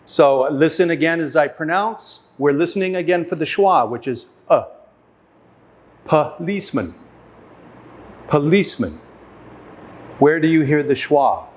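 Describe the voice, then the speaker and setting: A man teaches an English pronunciation lesson in a somewhat high voice. He speaks slowly and carefully, saying each word several times so learners can practice along with him. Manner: slow, careful, repeats words for practice.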